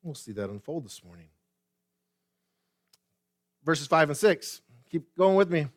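Male pastor mid-sermon: high voice, asks his church pointed questions, dry close sound. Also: measured pace, no room sound. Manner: animated preaching with rhetorical questions and repetition; addresses the congregation directly.

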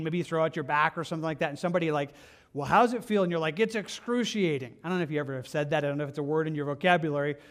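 High-pitched guy preaching, earnest and chatty, lots of restarts. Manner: earnest, conversational preaching with repeated words and restarts. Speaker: pastor. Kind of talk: sermon.

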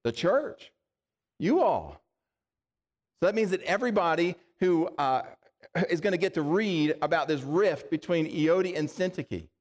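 A man's voice: on the high side, lively intonation, measured pace. Man preaching in a reverberant hall. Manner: conversational, asks rhetorical questions. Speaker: pastor. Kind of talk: sermon.

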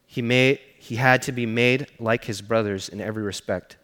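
A man's voice: medium pitch, steady tone, normal speed. Earnest male preacher in a reverberant hall. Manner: earnest personal storytelling, often dropping to a hushed voice. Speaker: pastor. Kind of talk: sermon. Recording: long reverb of a large hall.

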